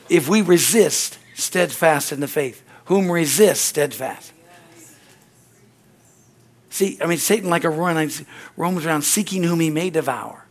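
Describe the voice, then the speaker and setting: A man preaching a sermon and leading a closing prayer, fervent and repetitive, building to loud exclamations. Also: on the high side.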